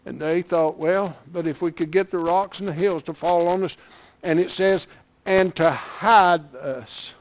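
A man preaching a sermon, moving from quiet retelling to loud, impassioned shouting with chuckles. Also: high-pitched, measured pace, no echo.

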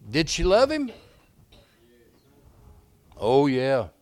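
A man preaching a sermon, moving between quiet storytelling and loud, emphatic bursts. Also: on the high side, huge pitch swings, very slow. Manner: emphatic, swings from soft storytelling to loud exclamations.

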